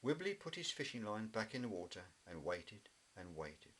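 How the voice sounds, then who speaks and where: A man reading a children's story aloud in a gentle, expressive way. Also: on the low side, moderate pace, breathy edge, low-quality recording. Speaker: narrator.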